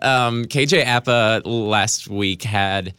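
A man's voice: on the low side, takes it slowly, bright, forceful tone, clean tone, no echo, studio quality. A man co-hosting a podcast, chatting casually and giddily, laughing often. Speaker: podcast co-host. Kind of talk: casual chat.

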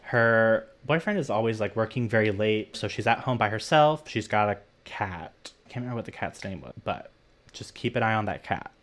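A man's voice: lowish voice, animated, normal speed, a bit bright. A young man casually recapping a horror movie plot on a podcast, filling his retelling with "like" and acting out the characters' lines. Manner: retells plot animatedly, heavy use of "like". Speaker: podcast co-host.

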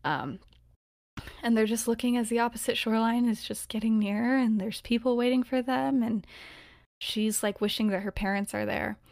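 A woman with a fairly high voice tells a story on her podcast, chatty and rambling, her sentences filled with "like" and "um." The sound is dry and close, with almost no room echo. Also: steady tone, normal speed, vocal fry, darkish tone. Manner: chatty, rambling, many "like" and "um" fillers, giggles often. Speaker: podcast host. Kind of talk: casual storytelling of fan fiction.

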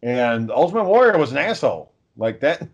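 A man's voice: mid-range voice, very animated, a little fast, breathy edge, lo-fi sound. Guy rambling thru a sweary story on a podcast, lots of "like" and "um", medium voice. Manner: rambling profane storytelling with many fillers. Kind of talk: casual chat.

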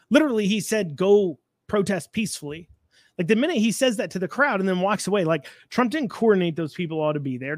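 A man's voice: high-pitched, dry recording, studio quality. A man giving blunt, sarcastic political commentary, with frequent fillers and restarts.

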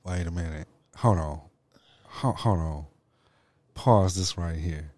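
A man's voice: low-pitched, darkish tone, no room sound. A man co-hosting a podcast in a studio, reacting with profane disbelief in casual banter. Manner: incredulous reacting, profane, drawn-out. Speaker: podcast co-host.

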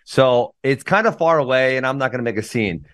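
A man with a medium-pitched voice recorded close and dry, co-hosting a casual podcast. He speaks bluntly and with strong opinions, ranting about behavior he can't stand. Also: lively intonation, brisk, fairly bright tone, dry recording. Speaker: podcast co-host and wrestling coach. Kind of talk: casual chat.

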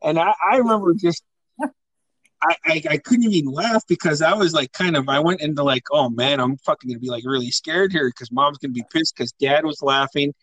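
A man's voice: fairly high pitch, moderate pace, fairly bright tone, no echo, poor audio. Man telling profane family stories. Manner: laughing, profane storytelling. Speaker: podcast host. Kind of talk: casual family storytelling.

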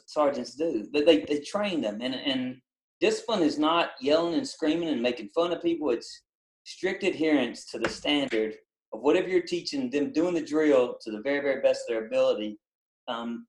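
A middle-aged man, a basketball coach and ex-Army drill instructor, speaking with a country-tinged voice and explaining things in a plain, steady way as a podcast guest. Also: mid-range voice, a little fast. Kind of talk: casual podcast interview. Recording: roomy echoey sound.

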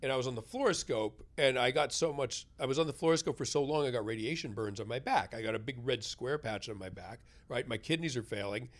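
A writer in an interview, telling a personal story with animated delivery and acted-out quotes. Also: male voice, mid-range voice, fast, few pauses. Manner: animated, acts out quoted voices. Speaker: guest, writer.

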